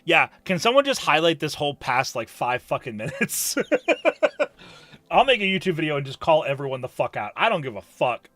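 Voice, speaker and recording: Animated, bright-voiced male streamer ranting. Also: on the high side, moderate pace, no echo. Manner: emphatic, profane ranting, yells at times; reads chat messages aloud. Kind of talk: casual live-stream chat.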